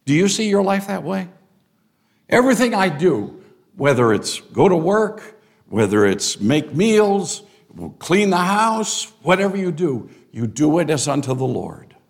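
Slow, gravelly older male preacher. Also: sits high, big pitch swings. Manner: deliberate, emphatic preaching with rising stresses. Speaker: pastor. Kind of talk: expository sermon.

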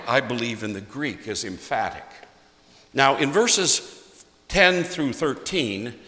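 Male pastor, slow and deliberate delivery, lively pitch, echoey reverberant hall. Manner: emphatic, repeats key phrases for stress. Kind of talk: sermon.

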